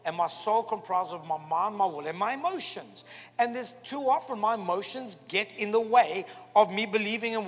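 A man preaching a sermon, emphatic and animated, often acting out quoted voices. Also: high-pitched, breathy edge. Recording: long hall reverb with faint music.

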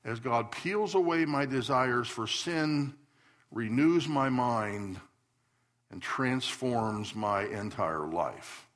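A male pastor preaching a sermon, swinging between loud emphatic declarations and soft asides. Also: mid-range voice, expressive, takes it slowly. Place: church sanctuary.

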